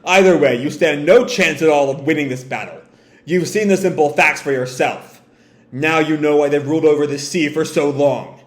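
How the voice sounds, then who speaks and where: A man voicing a cold, calculating male pirate who lectures his enemy with calm condescension. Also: a little high, moderate pace, echoey room, natural voice.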